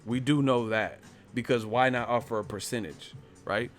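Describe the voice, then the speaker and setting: During a boxing live stream with faint music behind, the host talks at normal speed in a medium-pitched voice. Casual and profane, he jokes around and makes asides while speaking straight to viewers.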